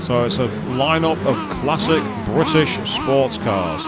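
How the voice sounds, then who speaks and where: A man chatting excitedly as he commentates his own racing game play, thinking aloud to viewers. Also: medium pitch, measured pace. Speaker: gaming streamer. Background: game music and engine sounds.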